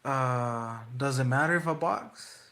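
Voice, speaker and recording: A man's voice: mid-range voice, unhurried, sharp tone. A young man, a boxer, taunting his livestream chat in slangy, repetitive trash talk.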